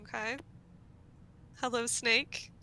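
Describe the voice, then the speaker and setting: A woman's voice: on the high side, steady tone, slow, pushed and bright. A woman playing a tabletop game, giggly and laughing often as she speaks. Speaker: player. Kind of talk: casual tabletop game play.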